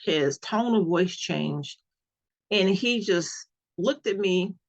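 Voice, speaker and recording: A woman tells her own story as a patient, speaking earnestly and with emphasis and often repeating key words. Her medium-pitched voice is animated but slow, and the lo-fi recording sounds dull.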